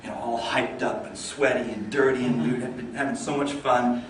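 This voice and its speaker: A man giving a storytelling speech at a speaking club, swinging from lively and loud to low and hushed. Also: moderate pace, a little hiss or hum. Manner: animated, builds up energy then drops low. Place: meeting hall. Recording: echoey hall, mic far off.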